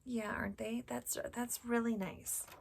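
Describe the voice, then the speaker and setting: A woman hosting a children's storytime, reading a picture book slowly and expressively and asking the children questions. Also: fairly high pitch, flat delivery, vocal fry, very noisy. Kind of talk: read-aloud storytelling for children.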